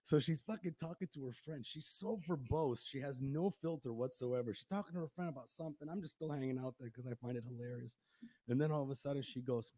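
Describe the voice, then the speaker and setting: A man hosting a casual chat, telling a story with lots of swearing and quick impressions of people he met. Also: mid-range voice, no echo. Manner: profane, animated storytelling with impressions. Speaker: podcast host.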